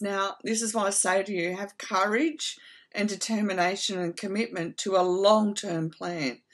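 A middle-aged woman hosting a casual advice talk, speaking earnestly and from the heart, often checking in with her listeners. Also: medium pitch. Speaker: host.

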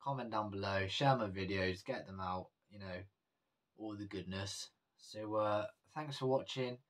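A man with a fairly low voice rambles through a casual vlog, full of fillers and corrections as he goes. It sounds like easy, unscripted talk to a camera. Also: measured pace. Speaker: vlogger showing his jewellery.

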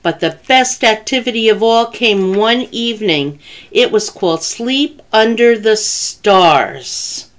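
Slow-reading woman telling a kids' story. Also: mid-range voice. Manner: gentle, expressive storytelling. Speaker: children's librarian. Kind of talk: reading a picture book aloud.

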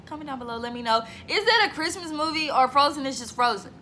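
A woman of twenty chatting casually to camera in a vlog, lively and talkative, breaking into bits of song. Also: sits high. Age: 20s. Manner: chatty, animated, laughs and sings bits. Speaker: vlogger.

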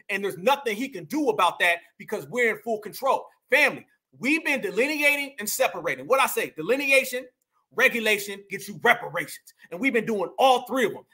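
A man hosting a reaction commentary show, loud and mocking, often repeating catchphrases and addressing his viewers as "y'all.". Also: high-pitched, expressive, a little fast.

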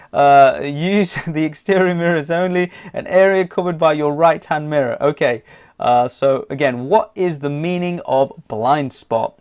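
A man teaching an online driving theory lesson, reading questions aloud in a chatty, jokey way with lots of fillers. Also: fairly high pitch.

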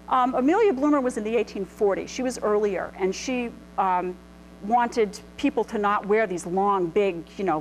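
A woman's voice: medium pitch, a little hiss or hum, rough recording. A middle-aged woman presenting clothing history to a live audience, casual and full of ums and restarts, in a lecture room. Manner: chatty, many ums and restarts. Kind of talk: informal illustrated lecture.

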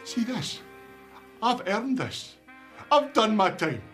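A touchy scottish ex-army guy in a dress, really high, slow dramatic delivery. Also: sing-song, a bit bright, faint music behind, heavily acted. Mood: defensive. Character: touchy eccentric middle-aged male ex-soldier in a dress. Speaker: comedy character, a veteran in a dress. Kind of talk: sitcom acting.

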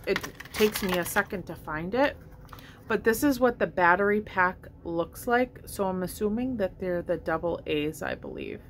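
A woman's voice: mid-range voice, normal speed, fairly bright tone, slight background noise. A woman chatting casually about her shopping haul at home, upbeat and rambling, with hiccups. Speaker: vlogger showing a shopping haul. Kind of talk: casual haul chat to camera. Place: at home indoors.

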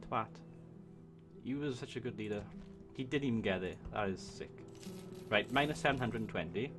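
Excitable swearing man in his twenties. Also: on the low side, brisk. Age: 20s. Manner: excitable, swearing, chatting to himself. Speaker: let's play host. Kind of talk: live gameplay commentary.

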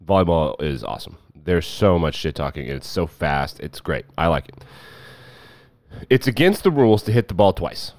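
Low-voiced sarcastic man talking sports. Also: dry recording. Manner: sarcastic, jumps between loud excitement and muttering. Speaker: sports commentary host. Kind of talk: casual sports commentary.

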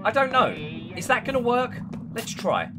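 A man's voice: extremely high pitch, wildly swooping pitch, moderate pace. A young man doing let's-play game commentary, talking himself through a horror game and panicking and shrieking at the scares. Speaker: gaming YouTuber. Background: game music and sounds.

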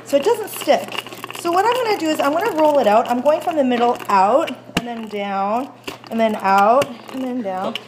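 A woman teacher with a high voice walks students through a baking demonstration in a school classroom kitchen. She is chatty and keeps asking whether everyone can see and follow. The sound is a phone recording made in class. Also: expressive, normal speed, background noise. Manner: chatty, checks understanding often. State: out of breath while rolling dough.

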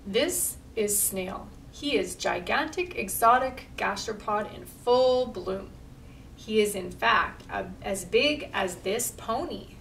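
A woman's voice: medium pitch, animated, slow, vocal fry, a bit bright. A woman reading a picture book aloud at a library storytime, chatty and pointing at the pictures. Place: library room. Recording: distant mic, faint room noise.

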